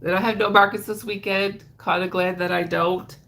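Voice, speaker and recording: A woman's voice: mid-range voice, steady tone, normal speed, creaky, a bit bright. A woman hosting a crochet livestream, chatting casually in a rambling way and greeting viewers by name, her voice stuffed up and nasal.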